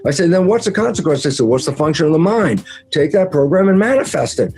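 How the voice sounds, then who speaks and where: A man's voice: on the high side, very animated, fast talker, a little mellow, soft background music. A man in an interview, explaining ideas in conversation and acting out his own quoted dialogue with animation. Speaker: interview guest.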